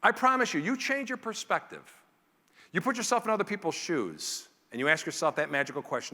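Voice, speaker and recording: A man giving a motivational keynote speech to a conference audience, acting out family scenes in quick character voices. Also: on the high side, expressive, pushed and bright. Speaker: keynote speaker. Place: large conference hall. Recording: reverberant hall.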